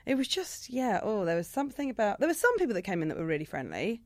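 A young woman, co-hosting a casual chat and telling animated stories. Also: medium pitch, fast, dry recording, studio quality. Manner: chatty, animated storytelling with mimicked voices.

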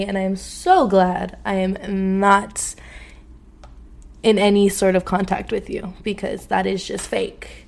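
Animated young woman telling a story. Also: mid-range voice, measured pace, vocal fry. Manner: animated, slangy, laughing often. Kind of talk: casual storytelling.

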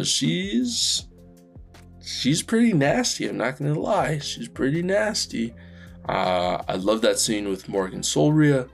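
A man's voice: deep voice, gravelly. A man who runs a tabletop game podcast, chatting through a recap and apologizing for his mistakes with many fillers. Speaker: podcast dungeon master. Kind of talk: casual solo recap.

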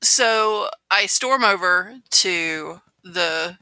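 A woman playing a character in a tabletop game, speaking slowly and deliberately. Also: fairly low pitch, sharp tone, dry recording. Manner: slow, deliberate, acts out her character's moves. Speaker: player. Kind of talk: tabletop role-play.

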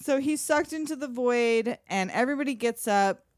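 A woman's voice: a little high, normal speed, no room sound. Woman recapping a movie in a dry room. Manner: animated storytelling, acts out scenes. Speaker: podcast co-host. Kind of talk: casual movie recap chat.

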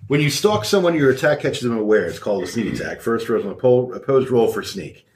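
A man game master narrates a tabletop session in a loose, rambling way. His voice sits at a middle pitch, and the recording is roomy and echoing. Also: animated, fast talker, darkish tone, slight background noise. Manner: loose and rambling, with many restarts.

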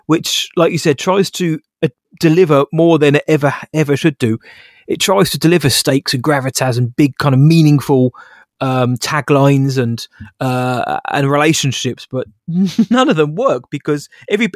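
Animated man, sarcastic film talk. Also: fairly high pitch, no room sound, clean studio sound. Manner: animated, sarcastic, laughs while talking. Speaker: film podcast co-host. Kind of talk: casual film review chat.

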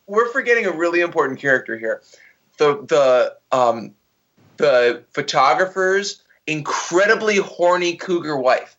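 A man's voice: fairly high pitch, sharp tone, dull audio. A man co-hosting a casual podcast, ranting profanely and mockingly about a bad movie. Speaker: podcast co-host. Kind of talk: casual movie review chat.

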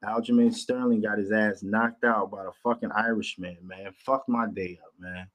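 A man's voice: lowish voice, steady tone, moderate pace, a bit bright. A man hosting a podcast, ranting casually with lots of profanity and emphatic repetition. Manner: profane, emphatic, repeats himself. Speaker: podcast host.

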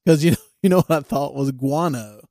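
A man co-hosting a podcast in casual chat, relaxed and quick with quips. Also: on the high side, dry recording, clean studio sound. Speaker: podcast co-host.

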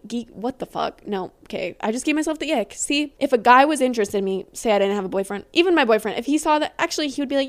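A young woman hosting a podcast in casual, rambling chat, giggly and freely swearing. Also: fairly high pitch. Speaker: podcast host.

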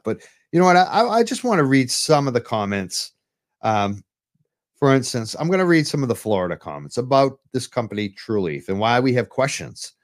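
A man from hosting a live-streamed talk show from home, speaking with urgent, impassioned advocacy into his computer mic while on camera. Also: mid-range voice. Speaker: livestream show host. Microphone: computer mic while on webcam.

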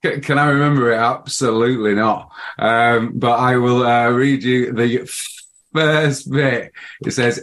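A man's voice: medium pitch, steady tone, a little slow, a bit bright. Laughing self-deprecating man. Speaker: podcast co-host. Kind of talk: casual chat.

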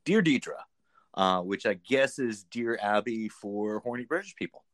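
A man's voice: lowish voice, animated, a little slow, fairly bright tone, no room sound. A man co-hosting a casual podcast chat, full of dry, sarcastic asides. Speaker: podcast co-host.

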